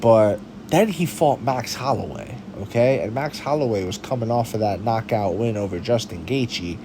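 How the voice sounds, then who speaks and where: A man's voice: on the low side, lively intonation, normal speed, background noise. A man giving casual, argumentative opinion commentary on combat sports, full of slang and rhetorical questions. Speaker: MMA commentary host.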